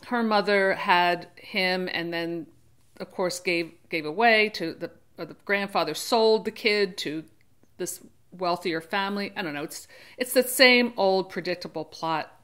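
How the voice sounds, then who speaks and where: A clean, fairly bright tone at medium pitch marks this woman, a book reviewer who runs her own channel. Her talk about the book is casual and rambling, with frequent restarts and corrections, and she performs brief quoted voices for the characters.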